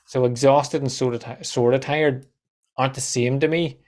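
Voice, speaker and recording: A content coach appearing as a podcast guest tells animated stories, acting out the voices of the people he quotes and swearing casually. His voice is mid-range and he talks fairly quickly.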